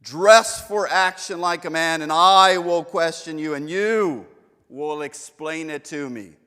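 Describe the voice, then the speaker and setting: Guy putting on a big slow booming god voice, loud and solemn, echoey church hall. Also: clear, resonant tone. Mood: commanding.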